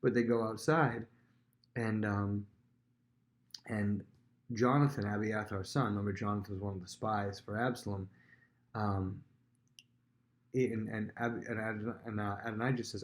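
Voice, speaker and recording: A man with a fairly low voice walks his students through a Bible story in a relaxed, chatty way. He pauses with plenty of ums and slips into short acted-out voices for the people in the story. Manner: chatty, many fillers, acts out quotes in voices. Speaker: teacher. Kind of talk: casual Bible lesson retelling.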